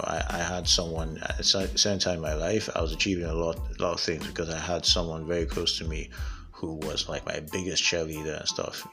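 A deep-voiced man from Africa talks straight into the mic, pepping up his listeners. He rambles, trips over his own words, and chuckles at himself as he opens up. Faint music plays behind him. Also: a bit bright. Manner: candid, rambling, laughs at himself. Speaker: podcast host. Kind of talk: solo motivational talk.

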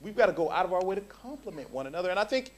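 A man preaching a sermon in a church, swinging from hushed tones to loud emphasis and stumbling over restarts when excited. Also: high-pitched, very fast.

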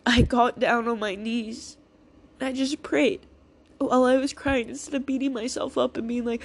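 A woman's voice: a little high, level tone, normal speed. A woman in a raw, emotional personal vlog, talking through tears, reassuring herself and swearing freely. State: crying, emotional. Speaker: vlogger.

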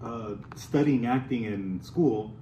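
A man's voice: medium pitch, slow pace, echoey room, background noise. A man hosting a casual podcast chat, laid-back, agreeing a lot and swearing often. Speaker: podcast host.

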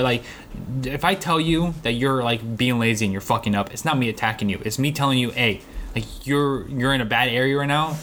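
A man's voice: medium pitch, fairly bright tone, slight background noise. A man in his twenties in casual chat, blunt and swearing heavily as he rants. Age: 20s.

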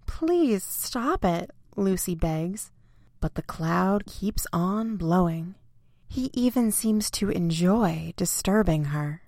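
A woman narrating a children's bedtime story in a clear, expressive way. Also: on the low side, slow, no room sound, clean studio sound.

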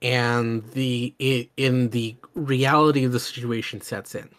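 Man, mid pitch, eager, rambling podcast host. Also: fairly even intonation, a little slow, fairly bright tone. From Oklahoma, USA. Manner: enthusiastic, rambling, many fillers and restarts. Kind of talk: casual chat.

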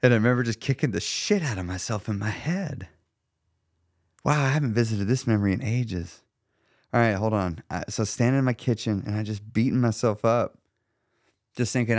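Excitable man podcasting in a dry room. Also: fairly low pitch, a little fast, dry recording. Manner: excitable, gets worked up and rants. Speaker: podcast host, weight loss coach. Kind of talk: solo podcast monologue.

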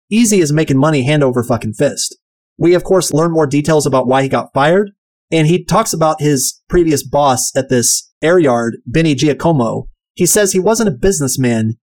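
Male reviewer, casual and profane, voice sits a bit high. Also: a little mellow. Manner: blunt and profane, chatty. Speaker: book and film reviewer. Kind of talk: casual commentary.

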